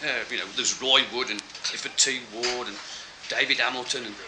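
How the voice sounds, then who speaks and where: A man's voice: medium pitch, fairly even intonation, normal speed, noisy background. A man telling a rambling, self-mocking stand-up story with laughing asides. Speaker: stand-up comedian.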